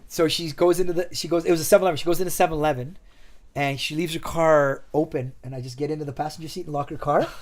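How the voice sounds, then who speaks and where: A man's voice: a little high, rapid-fire. A man in a casual chat, telling a long personal story in a loose, rambling way and acting out what people said. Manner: animated, acts out quoted dialogue.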